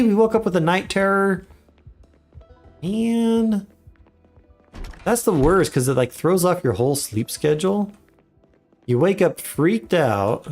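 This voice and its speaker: A man giving relaxed, chatty commentary while live streaming a game. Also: fairly high pitch. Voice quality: relaxed, chatty, laughs often.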